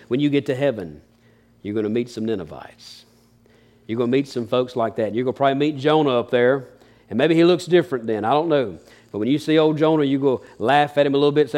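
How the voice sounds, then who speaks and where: A man's voice: medium pitch, fairly quick, a little mellow. A man preaching a sermon as a pastor, folksy and earnest, building emphasis as he goes.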